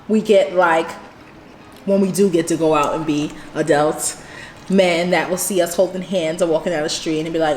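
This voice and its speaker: A woman's voice: fairly low pitch, fairly even intonation, moderate pace, a little mellow, echoey room, slight background noise. A woman co-hosting a home vlog, chatting casually and emphatically while eating, laughing often. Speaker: vlog co-host.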